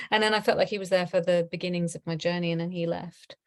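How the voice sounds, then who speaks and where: A woman's voice: fairly low pitch, fairly even intonation, a little fast. A middle-aged woman teaching a small online group in a casual, rambling way, with lots of ums and little laughs. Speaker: tarot teacher.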